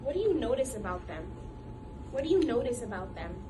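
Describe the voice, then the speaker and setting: A woman teacher doing an interactive read-aloud with children, speaking in an animated, encouraging way. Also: a little high, brisk, distant mic, a crowd in the background.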